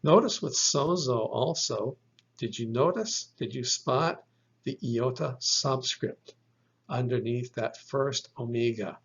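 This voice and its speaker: A man gives a recorded lesson in an unhurried, deliberate way, repeating each example word. His voice is gravelly and a little husky. The recording sounds dull and lo-fi. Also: medium pitch. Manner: slow, deliberate explaining with repeated example words. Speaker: teacher.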